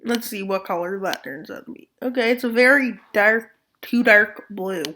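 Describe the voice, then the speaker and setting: Speaking at normal speed, a woman with a bright, pushed, mid-range voice narrates a map scenario, with slight background noise in the clip. Her casual take is sprinkled with jokes, asides and playful mock voices.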